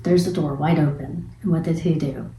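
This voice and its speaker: A woman with a deep voice gives a casual, spoiler-filled film review at normal speed, retelling scenes animatedly and chattily with some casual swearing. The room is echoey and the background noisy.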